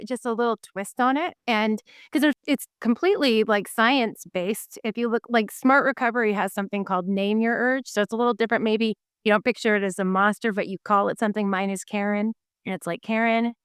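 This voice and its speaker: A woman with a smooth, clear voice chats easily on a podcast, pausing and restarting as she thinks. Her voice sits in a middle range and sounds dry and close to the mic. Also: a little high, a bit bright, dry recording. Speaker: podcast co-host. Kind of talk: casual podcast chat.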